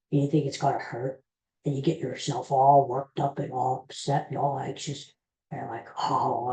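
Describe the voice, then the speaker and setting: A man's voice: fairly high pitch, mellow. A middle-aged man hosting a podcast, telling a rambling, self-deprecating story in a casual monologue. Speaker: podcast host. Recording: roomy echo.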